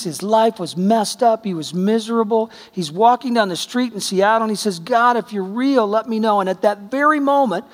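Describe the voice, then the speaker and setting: A pastor delivers a sermon in a conversational, emphatic style, acting out the quotes in his stories. His voice sits high, and the long reverb of a large church hall rings around it.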